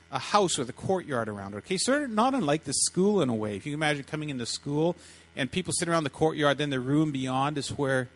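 A man preaching to children, retelling a story in an animated way and often repeating his words as he acts out quotes. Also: mid-range voice. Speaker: pastor speaking to children.

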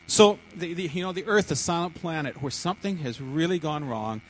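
Halting man preaching a sermon. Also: a little high, slight background noise, rough recording. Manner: halting, repeats words and restarts often.

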